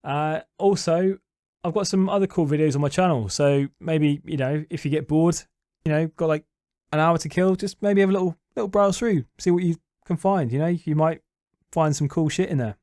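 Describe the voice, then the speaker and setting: A man's voice: a little high, moderate pace, a little mellow, no echo, studio quality. A young man chatting casually through a movie review, rambling and hesitant with lots of restarts.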